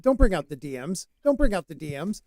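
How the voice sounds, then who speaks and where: A man's voice: high-pitched, very animated, a crowd in the background. A man hosting a podcast, rambling and joking through casual banter with friends. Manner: rambling, joking, quick to mock. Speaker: podcast host.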